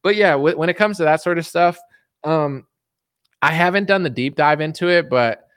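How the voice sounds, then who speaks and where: Reading viewer comments aloud, a man from the United States rambles and jokes through a casual livestream Q&A. His voice sits on the high side and moves at normal speed, fairly bright and clean, with no echo and studio quality.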